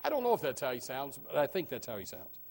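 Preaching fast and with huge swings in pitch, this pastor shifts from booming, emphatic delivery to hushed asides. Frequent cries of "amen" punctuate the sermon, and he tends to repeat words when starting a sentence.

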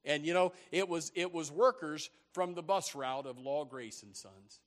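A man preaching a sermon as a story, animated and often repeating words as he starts a sentence. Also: a little high, unhurried.

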